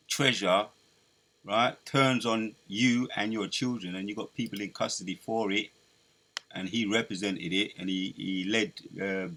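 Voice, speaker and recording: Guy preaching, lowish voice, sharp and punchy, keeps repeating himself and gets loud reading verses. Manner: emphatic, repetitive, builds to loud declaiming. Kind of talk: preaching commentary with scripture reading.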